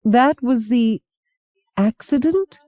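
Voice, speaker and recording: A woman's voice: fairly high pitch, animated, slow, dark tone, no echo, pitched above the performer's own voice. A woman narrator voicing a frightened young woman who asks weak, shaky questions. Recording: dull lo-fi cassette recording.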